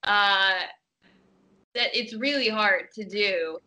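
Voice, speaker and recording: A woman talks openly as an interview guest, filling her sentences with casual fillers as she works through her thoughts. Her voice is very bright and sharp, sitting at a mid pitch. She keeps the delivery loose and conversational. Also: slow, poor audio. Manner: chatty, candid, peppers speech with fillers.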